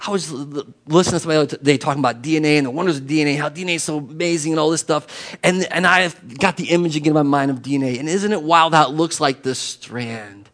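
High-voiced man preaching emphatically. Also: fast, fairly bright tone. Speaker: pastor. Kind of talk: sermon.

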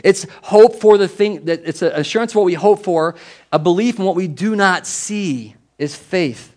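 A male pastor preaching a sermon at a church service, talking conversationally and swinging between emphatic and hushed delivery. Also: high voice, normal speed.

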